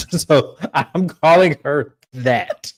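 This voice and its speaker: A man's voice: a little high, drawn-out words. A man co-hosting a reality show recap in casual chat, emphatic and joking.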